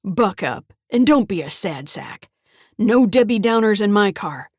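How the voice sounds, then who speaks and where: A bullying, hot-tempered old grandfather barks orders and threats, put on by a woman reading an audiobook. The voice sits at an ordinary middle pitch and the recording is close and dry. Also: expressive, a little slow, darkish tone, slightly rough, no room sound. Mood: threatening. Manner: menacing, barking commands. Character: gruff, bullying older grandfather with a violent temper.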